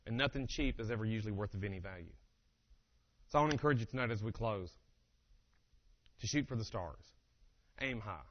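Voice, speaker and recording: A man giving a humorous motivational keynote, telling family stories in an animated way and acting out the dialogue. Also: lowish voice, brisk, long pauses, a little hiss or hum. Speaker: keynote speaker. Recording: dull lo-fi live recording.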